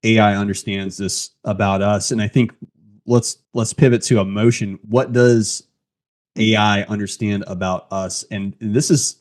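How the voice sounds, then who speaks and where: A man's voice: fairly low pitch, darkish tone. A man hosting a casual tech podcast, talking conversationally and reading a post aloud. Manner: conversational, reads a post aloud, frequent restarts. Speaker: podcast host.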